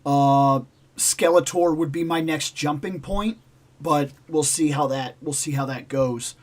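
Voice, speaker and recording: Chatty man with a fairly high voice. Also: measured pace. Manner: rambling, repeats himself, acts out dialogue. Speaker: livestream host. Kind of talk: casual storytelling chat.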